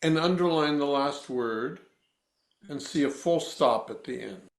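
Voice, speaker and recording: A voice coach, a man with a somewhat high voice, leads a breathing exercise using slow, deliberate, instructive cues before answering interview questions. The sound is roomy.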